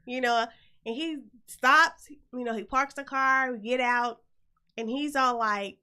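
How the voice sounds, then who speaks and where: A middle-aged woman hosting a show, telling a story in a lively, blunt and profane way. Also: high voice, a little slow, smooth. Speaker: host. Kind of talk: casual storytelling chat.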